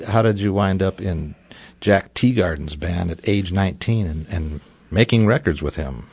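A man's voice: low-pitched, moderate pace, creaky, darkish tone, breathy edge. A man interviewing a guest, asking curious, prompting questions.

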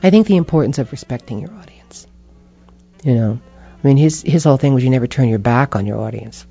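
Brief: expressive woman interviewee, dark mellow tone, slightly dull audio. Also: extremely low pitch, brisk, creaky, husky, faint music behind. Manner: expressive, animated, acts out inner voices. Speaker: interview guest. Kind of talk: reflective conversational storytelling.

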